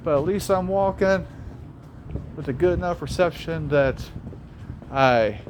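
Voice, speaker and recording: A man's voice: a little high, a little slow. A young man with a Southern accent, rambling and reflective as he walks down a city street, talking to a phone, swearing casually. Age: young adult. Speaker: vlogger. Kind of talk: casual walking vlog monologue. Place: outdoors on city streets, passing traffic. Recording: faint street and traffic noise.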